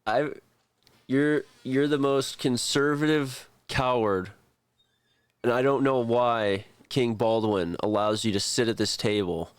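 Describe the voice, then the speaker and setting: A man's voice: medium pitch, slow, clear, resonant tone, dry recording, lightly acted. A man doing a brash pirate captain. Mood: scornful. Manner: blunt, insulting. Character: brash former raider male pirate captain.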